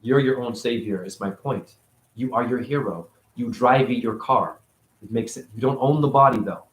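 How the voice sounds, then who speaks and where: A man giving a rambling spiritual monologue, free-associating and preachy, jumping between high exclamations and low mutters. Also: normal speed, echoey room. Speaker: spiritual teacher.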